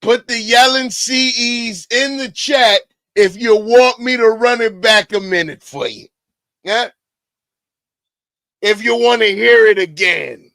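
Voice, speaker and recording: A man hosting a livestream, loud and excitable, often shouting as he talks to his chat. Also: very high-pitched, slow, vocal fry, no room sound. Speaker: livestream host. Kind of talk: reacting to a clip for chat.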